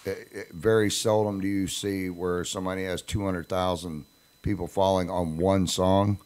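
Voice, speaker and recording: A man's voice: deep voice, fairly even intonation, moderate pace, darkish tone. An older man hosting a radio interview, joking in a folksy, casual way. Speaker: radio show host.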